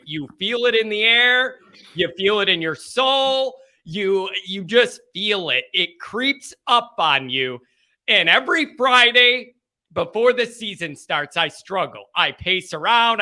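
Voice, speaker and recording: A man hosting a live fan call-in stream, talking loudly and excitedly with yelling bursts. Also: high voice. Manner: loud, animated, yelling bursts.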